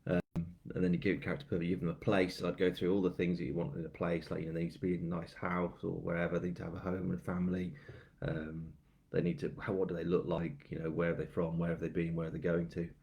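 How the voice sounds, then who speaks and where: A British crime novelist chats casually on a live-streamed book launch, rambling with many fillers and poking fun at himself. His voice sits low with a level tone, fast pace, vocal fry and a darkish quality. The audio sounds dull.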